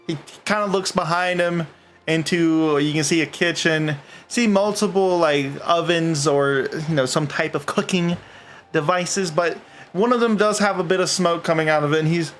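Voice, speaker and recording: A man's voice: a little high, moderate pace, fairly bright tone, a little hiss or hum. A man narrating as game master of a tabletop game, rambling with lots of fillers and laughs.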